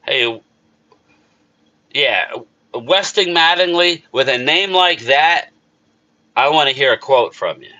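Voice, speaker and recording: Rambling South Jersey man, bright voice. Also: medium pitch, expressive, takes it slowly, pauses often, lo-fi sound. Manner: rambling, emotional, talks back to chat readers. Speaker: YouTube sports channel host. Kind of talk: casual live chat with viewers.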